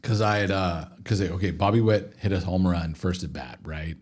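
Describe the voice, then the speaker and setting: Man, low voice, casual podcast chat, animated anecdotes about his sons. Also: normal speed. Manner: animated storyteller, acts out his kids' lines. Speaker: podcast host, father of two young boys.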